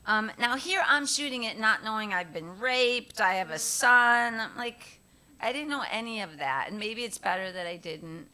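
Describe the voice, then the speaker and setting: Animated middle-aged woman telling stories. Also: a little high, moderate pace. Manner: animated, laughing often, acts out quoted voices. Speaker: guest actress at a Q&A. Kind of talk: casual storytelling on stage.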